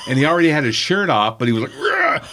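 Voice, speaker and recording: Male comedian, profane storyteller, mid pitch, very animated delivery. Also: very fast, shouting, heavy background noise. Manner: profane, animated, self-mocking. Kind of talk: storytelling in casual chat.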